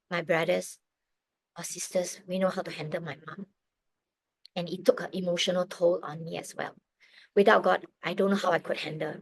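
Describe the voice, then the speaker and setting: A middle-aged woman, giving an earnest, emotional personal faith testimony with halting restarts. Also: fairly low pitch, dry recording, poor audio. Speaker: testimony speaker.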